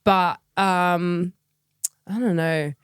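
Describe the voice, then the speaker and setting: A woman's voice: lowish voice, steady tone, very slow, clear, resonant tone, no echo, studio quality. A young adult woman with an Australian accent, a guest musician chatting casually on a podcast and filling her talk with "like". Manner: chatty, many "like" fillers, laughs often.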